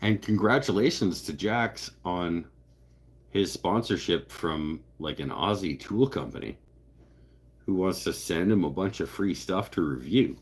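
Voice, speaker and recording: A live stream host speaks low and expressively at a measured pace, his voice slightly rough. Casual and joking, he meanders through viewer comments, frequently cutting in on himself.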